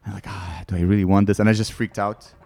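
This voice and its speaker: A man's voice: lowish voice, flat delivery, quick pace, vocal fry, darkish tone, no echo. A man, a comedian guest on a podcast, telling rambling candid stories in casual chat. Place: studio.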